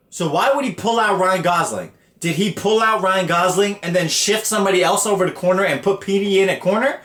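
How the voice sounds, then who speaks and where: A man hosting a podcast, ranting through a story with profane, slangy energy. His voice sits a little high. The room gives it a noticeable echo. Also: fairly bright tone. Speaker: podcast host. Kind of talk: casual storytelling rant.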